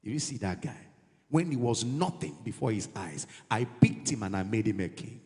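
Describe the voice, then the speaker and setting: A preacher doing a low, solemn voice of God. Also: male voice, animated, moderate pace, darkish tone, in a large hall, lightly acted. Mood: grave. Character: solemn, resolute God speaking to a prophet.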